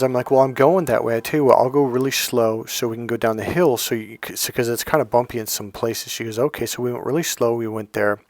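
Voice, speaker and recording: A man with an average-pitched voice tells a personal story as a dating coach, rambling and restarting his sentences as he goes. He acts out both sides of the conversation and swears when he gets worked up. Faint music plays quietly under him. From United States. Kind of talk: casual storytelling monologue.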